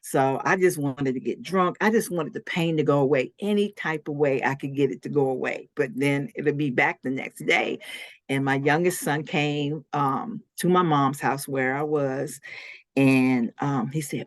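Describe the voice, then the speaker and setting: A woman's voice: low-pitched, unhurried, dry recording, studio quality. A woman guest on a faith podcast, telling her personal story with strong emotion and acting out what others said. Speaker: interview guest.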